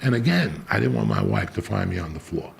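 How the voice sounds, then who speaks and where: A middle-aged man with a deeply gravelly, rough-edged voice, spinning a blunt and profane story. He talks low and unhurried, like a host holding court. A faint hiss sits under the recording. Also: lively intonation. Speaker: podcast host. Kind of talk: casual storytelling chat.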